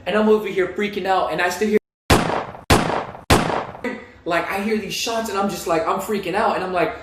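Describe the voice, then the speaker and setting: A young man telling a casual story, animated and full of slang, repeating himself as he goes. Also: sits high, a little fast. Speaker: vlogger. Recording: echoey room, voice a bit far from mic.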